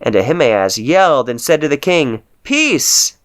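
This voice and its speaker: A man reading scripture aloud with steady, measured narration. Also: mid-range voice. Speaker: Bible reader.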